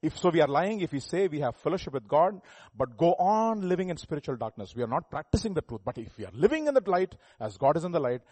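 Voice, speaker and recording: A man preaches a sermon in a fairly high voice. He swings from loud emphatic lines to quiet ones and keeps asking rhetorical questions. The sound is dry and close, with little room. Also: sing-song, fast talker, slightly rough, no room sound. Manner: emphatic, rising and falling volume, rhetorical questions.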